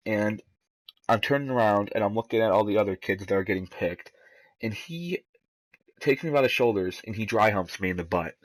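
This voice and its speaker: A man's voice: fairly low pitch, expressive, moderate pace, poor audio. A man telling a rambling, profane story in casual commentary over gameplay, laughing at himself as he goes.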